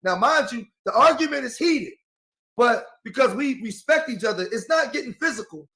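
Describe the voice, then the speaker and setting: A man's voice: very high voice, lively intonation, moderate pace, sharp tone. A man with an African American English accent in a casual discussion, speaking passionately and insistently. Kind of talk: casual talk-show discussion.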